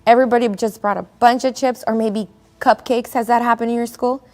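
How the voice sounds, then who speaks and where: A woman's voice: on the high side, steady tone, a little fast, dark tone. A woman presenting a conference session on conflict resolution, chatting to her audience and checking in with "right?". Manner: conversational, keeps asking the audience "right?". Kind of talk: virtual conference talk. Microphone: video call.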